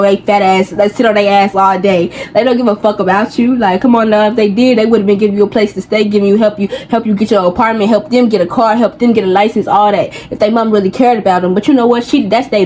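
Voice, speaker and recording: A young woman vents through a personal story, heated and loose, with slang and side tangents. Her voice sits in a middle pitch, and a faint hiss runs underneath. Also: darkish tone, low-quality recording. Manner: heated, venting, heavy slang, rambling asides. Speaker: vlogger. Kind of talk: casual storytime rant.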